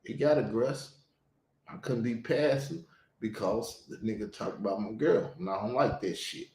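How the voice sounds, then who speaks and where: A man's voice: lowish voice, normal speed, a little mellow, reverberant, a little hiss or hum. A man talking bluntly and heatedly in a casual chat, swearing often and stressing his words. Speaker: show host.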